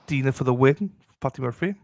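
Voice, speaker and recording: A man's voice: medium pitch, lively intonation, fast talker, gravelly, no room sound, studio quality. A man co-hosting a live stream, upbeat and affectionate, reading viewers' names and comments aloud. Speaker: co-host. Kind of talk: casual live stream chat.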